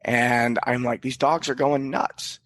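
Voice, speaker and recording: A man's voice: medium pitch, steady tone, slow pace, fairly bright tone, no echo. A man guest on a podcast, telling a candid personal story in an earnest, reflective way, with casual swearing and frequent restarts.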